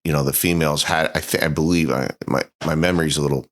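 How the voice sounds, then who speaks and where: A man with an extremely deep, low voice, chatting as a podcast guest. He talks haltingly, stopping and restarting his sentences with plenty of fillers. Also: fairly even intonation. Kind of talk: casual chat.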